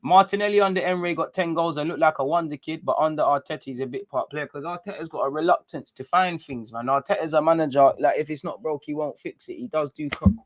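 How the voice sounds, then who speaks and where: A British man from England hosting a casual livestream, chatting in slang, reading viewer comments and talking with animated energy. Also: fairly high pitch, fast talker, hardly any pauses. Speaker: livestream host.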